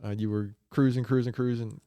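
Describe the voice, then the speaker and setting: A man's voice: medium pitch, steady tone, a little fast, dark tone, dry recording. A man hosting a podcast, interviewing his guests in a conversational, curious way. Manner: conversational, curious, asks follow-ups. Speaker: podcast host.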